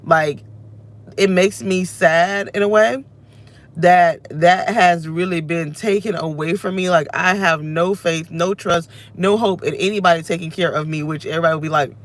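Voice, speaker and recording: A woman's voice: lowish voice, moderate pace. A woman in her thirties venting and reflecting aloud while sitting in a car, in a rambling, self-reflective way. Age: 30s. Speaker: vlogger. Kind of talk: emotional personal rant to camera.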